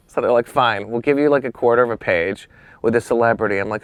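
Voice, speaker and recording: A man's voice: mid-range voice, brisk, clean tone, no echo. A man guest on a talk show, telling stories casually and acting out the other people in them. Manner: animated, acts out quoted voices; casual, swears freely. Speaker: interview guest. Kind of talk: storytelling anecdotes.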